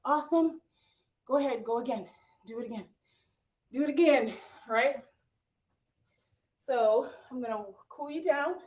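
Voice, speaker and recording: A high-voiced woman leads a workout, puffing as she cheers her class on and counts down the seconds. She speaks from well back from the mic in an echoey room. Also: measured pace, long pauses, darkish tone, far from the mic. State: out of breath. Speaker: fitness instructor. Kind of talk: live workout coaching.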